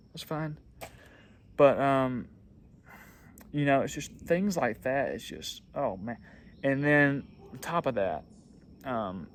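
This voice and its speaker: In a casual storytelling vlog, a young adult pressure washing business owner speaks to camera, rambling on with frequent ums and repetition. His voice sits at medium pitch, with a little hiss or hum.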